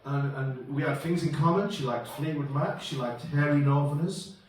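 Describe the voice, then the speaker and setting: A man's voice: fairly high pitch, normal speed, slight background noise. A man doing stand-up comedy in a pub, rambling and self-deprecating as he acts out bits of dialogue. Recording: roomy echo from far off.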